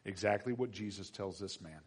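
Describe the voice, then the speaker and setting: Husky-voiced man preaching a sermon. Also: lowish voice, a little fast. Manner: conversational, with rhetorical questions and humor. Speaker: pastor. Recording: echoey hall reverb.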